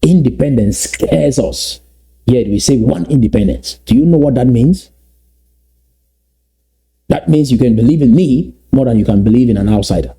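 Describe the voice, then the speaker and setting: A man from Southern Cameroons, giving an emphatic motivational address that repeats and slowly stresses key phrases. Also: medium pitch, dark tone, husky. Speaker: activist speaker.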